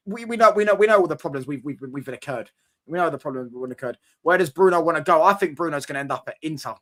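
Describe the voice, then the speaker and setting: A young man hosts a football live stream, talking quickly and in an animated way to his chat. His voice sits a little high for a man, and he packs his talk with fan slang. He keeps asking "do you get what I'm saying".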